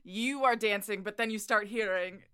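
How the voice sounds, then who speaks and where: A woman's voice: mid-range voice, normal speed, a bit bright, clear, resonant tone. A woman running a tabletop game as game master, casual, swearing freely and laughing often.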